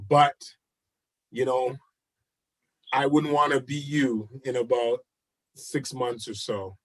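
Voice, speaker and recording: Brief: man, enthusiastic guest pitching hard, repeats himself for emphasis. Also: level tone, slow pace. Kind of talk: live chat interview.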